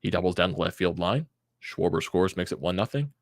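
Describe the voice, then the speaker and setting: A man's voice: sits low, animated, a little fast, dry recording, studio quality. A young man hosting a fan reaction vlog, ranting in exasperation with stammers and sighs. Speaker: sports channel host.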